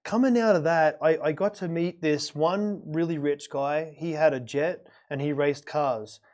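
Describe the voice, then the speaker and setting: A man's voice: a little high, a little slow. A middle-aged man from Australia telling a long personal story in a casual podcast chat, rambling and repeating himself. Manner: rambling, repeats words, warm anecdotal. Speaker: podcast host.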